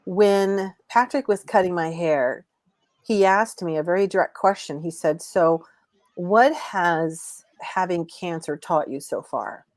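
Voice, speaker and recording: A woman's low voice, recorded dry and close. She rambles through a casual live chat, breaking off and restarting her sentences. She is a guest and an intuitive reader. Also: unhurried, darkish tone, no echo.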